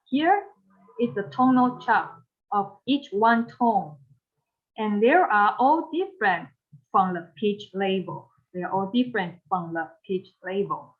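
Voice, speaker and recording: A woman's voice: medium pitch, lively intonation, a little slow. A woman with Mandarin as her first language, teaching pronunciation in a recorded online lesson, patient and repeating each phrase. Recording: dull lo-fi recording.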